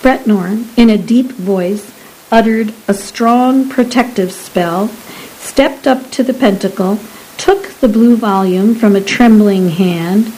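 A woman narrating a story in a measured audiobook reading. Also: mid-range voice, mellow, slight background noise, poor audio.

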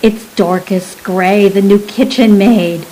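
A woman voicing a sullen, sly young nanny with rough working-class speech. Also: mid-range voice, fairly even intonation, slow pace, dark tone, a little hiss or hum, lightly acted, low-quality recording. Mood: glum.

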